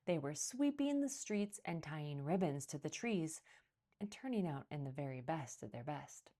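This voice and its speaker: A woman reading a picture book aloud as a children's librarian, telling the story expressively. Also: normal speed. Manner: expressive storytelling, lively pitch.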